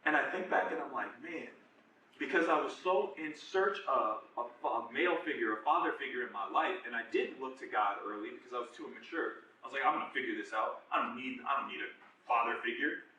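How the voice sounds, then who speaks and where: A man in his twenties giving a casual, animated personal testimony as guest speaker at a church group. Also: mid-range voice, a little fast, a little hiss or hum. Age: 20s. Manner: casual, conversational, animated retelling with slang. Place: large echoey room at a church singles group. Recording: echoey room, voice from far off.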